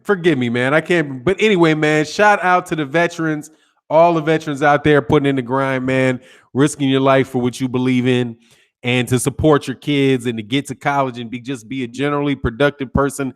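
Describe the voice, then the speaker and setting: A man's voice: mid-range voice, fairly even intonation, a little fast. A man hosting a casual boxing live stream, greeting viewers by name in a laid-back way and ending most lines with "man.". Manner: laid-back, says "man" constantly, shouting out names. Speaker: boxing YouTube host.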